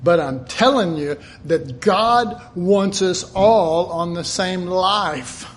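A man's voice: high voice, slow, slight background noise. A middle-aged man preaching a sermon, earnest and emphatic, often repeating himself.

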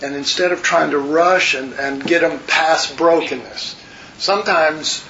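A man with a medium-pitched, fairly bright voice teaches a Bible study, earnest and rambling, speaking conversationally and calling his listeners folks. The recording is muffled and lo-fi, with faint hiss.

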